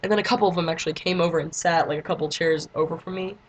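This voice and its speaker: A teenage girl telling a story to her camera in a casual vlog. She chats and giggles along and leans on "like" constantly. Now and then she breaks into excited squeals. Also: fairly low pitch, very fast, a little hiss or hum. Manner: chatty and giggly, lots of "like", squeals in quotes. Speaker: vlogger.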